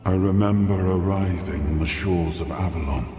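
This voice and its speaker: An actor voicing a calm, ancient orb spirit that has lost its memory, speaking slowly and solemnly with a very deep, burred voice. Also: male voice, soft background music, natural voice. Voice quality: very deep voice with a burr. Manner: slow, solemn and wistful. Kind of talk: video game voice acting.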